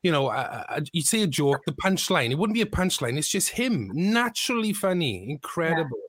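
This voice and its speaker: A man's voice: on the high side, sing-song, a little fast, fairly bright tone, no echo. A man hosting a casual interview, enthusiastic and admiring. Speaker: host.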